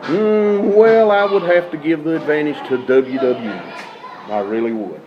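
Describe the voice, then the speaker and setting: A man's voice: fairly high pitch, normal speed, highs cut off, noisy background. A man being interviewed as a wrestler, talking in a brash, hyped wrestling-promo style.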